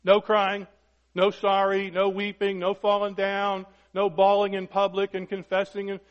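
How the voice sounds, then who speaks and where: A man preaching with a notably high voice, driving home each point with "right?" and "okay?" and dropping from loud emphasis to near-hush. The sound is dull and lo-fi, and his words ring out with the long reverb of a large hall. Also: monotone, unhurried. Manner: emphatic, constant rhetorical questions, swings from loud to hushed. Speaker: pastor. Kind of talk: sermon.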